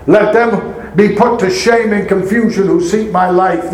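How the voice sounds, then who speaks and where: A man's voice: high-pitched, poor audio. A man pastor preaching a sermon, reading scripture aloud and asking the congregation rhetorical questions.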